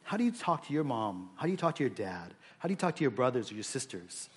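Male pastor, 40s, earnest sermon delivery, halting with frequent restarts. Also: mid-range voice, very animated. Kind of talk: prayer and sermon.

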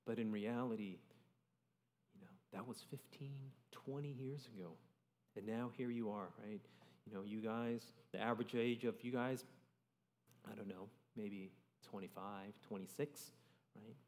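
A young man with a lowish voice preaches a sermon in a relaxed, conversational way. He keeps tagging his points with "right?" as he moves through scripture. The long reverb of a large church hall carries his words. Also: unhurried, a little hiss or hum.

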